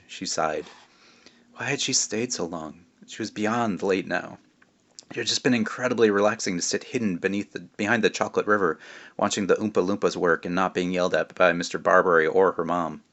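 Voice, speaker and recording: A man, the author, reading his children's book aloud in a friendly, relaxed way, adding asides. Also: sits low, fairly quick, muffled recording. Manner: friendly, relaxed, comments between passages.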